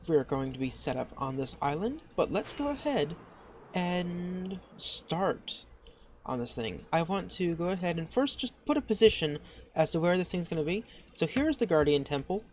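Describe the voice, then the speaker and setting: With slight noise in the background, a woman with a lowish voice hosts her channel's gameplay commentary in a casual way. She sounds excited, musing aloud and starting her sentences over.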